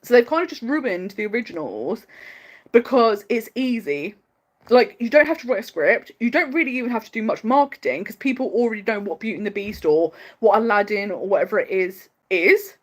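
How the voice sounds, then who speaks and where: A woman hosting a casual livestream, chatting in a loose, rambling way. Her fairly high voice swoops up and down with lots of animation. She is opinionated and laughs often. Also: lively intonation. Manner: chatty, fast-flowing, many "like" fillers. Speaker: livestream host.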